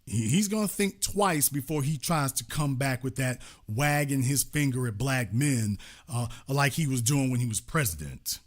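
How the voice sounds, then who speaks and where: A man's voice: medium pitch, animated, normal speed. A man hosting a show who delivers a political commentary monologue in an emphatic, repetitive, preaching manner. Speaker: host.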